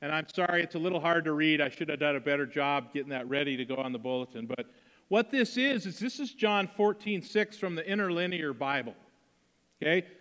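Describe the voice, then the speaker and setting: A man's voice: fairly high pitch, expressive, fairly quick, fairly bright tone, in a large hall. A man preaching a conversational sermon to his congregation, acting out the quotes he reads. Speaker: pastor.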